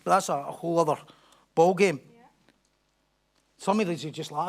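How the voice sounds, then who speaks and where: Animated high-voiced man preaching. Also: normal speed, long pauses. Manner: animated, acts out crowd voices, swings from loud to hushed. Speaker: pastor. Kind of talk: expository sermon.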